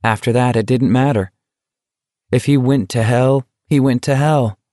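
A man reading a novel aloud in measured, even audiobook narration. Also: medium pitch, no echo, studio quality. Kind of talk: scripted narration.

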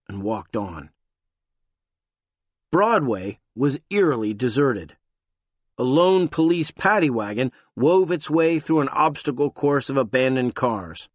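A man reading an audiobook, his pitch moving a lot as he tells the story. The recording is dry and close, with no room sound. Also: a bit bright, no room sound. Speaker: audiobook narrator. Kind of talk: audiobook narration.

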